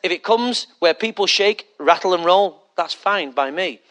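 Male pastor, high and bright, conversational sermon with rhetorical questions. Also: expressive, moderate pace.

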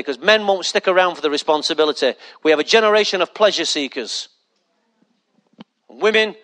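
A man's voice: high-pitched, sharp tone. A man preaching a sermon as pastor, emphatic and joking as he speaks straight to the congregation.

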